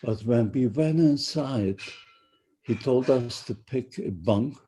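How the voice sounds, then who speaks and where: An older man giving personal testimony to students, halting and often repeating or restarting his phrases. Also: mid-range voice, warm tone, a little hiss or hum. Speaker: Holocaust survivor speaker.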